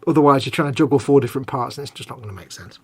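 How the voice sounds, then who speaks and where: Building a model kit on a live hobby stream he co-hosts, a man rambles and jokes in mocking, casual banter. His mid-range voice is a little mellow and very fast, and there's a slight hiss or hum in the audio.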